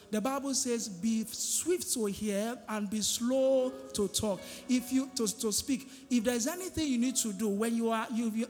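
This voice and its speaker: A male pastor in a church hall preaches call-and-response style, repeatedly asking the congregation "what?" to draw answers. His voice is very high and a little mellow, heard in a reverberant hall with music behind.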